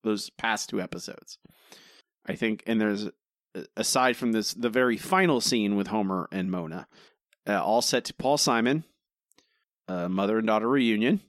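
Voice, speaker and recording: A man co-hosting a podcast, chatting casually in an animated, exasperated way and laughing often. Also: lowish voice, normal speed, no room sound. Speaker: podcast co-host. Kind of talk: casual chat.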